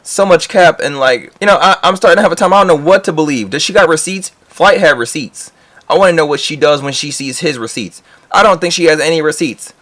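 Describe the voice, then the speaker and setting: A man's voice: fairly high pitch, fairly quick, fairly bright tone. A man giving casual, blunt reaction commentary on a video, talking in slang and sounding incredulous. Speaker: reaction streamer.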